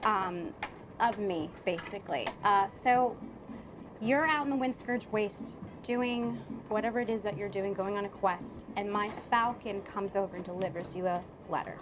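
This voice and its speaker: A woman player narrating her character's memory in a lively, chatty tabletop game. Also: medium pitch, moderate pace, noisy background. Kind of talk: tabletop role-play narration.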